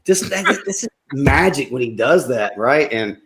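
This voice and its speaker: A man in casual panel talk, enthusiastic and animated as he retells scenes and acts out the lines. His pitch sits at a plain middle level. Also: moderate pace, creaky. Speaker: panel guest. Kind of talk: casual chat.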